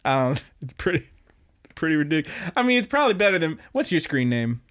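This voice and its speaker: A young man with a high-leaning, smooth voice talks fast as he co-hosts a podcast recapping anime. His style is easygoing and rambling, heavy on profanity, with animated voices for the quotes.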